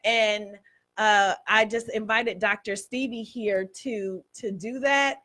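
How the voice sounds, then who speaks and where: A woman co-hosting a faith radio show in casual chat, giving shout-outs and laughing often. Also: mid-range voice, fairly even intonation, slow. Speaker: co-host.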